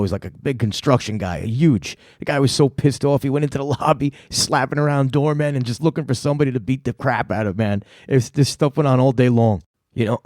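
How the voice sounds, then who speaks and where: A middle-aged man tells a story casually and at length, swearing freely and leaning on fillers. His voice sits at an ordinary middle pitch. The sound is dry and close. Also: darkish tone, no room sound. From New York City. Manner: rambling, profane, lots of fillers. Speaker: comedy show host telling a story.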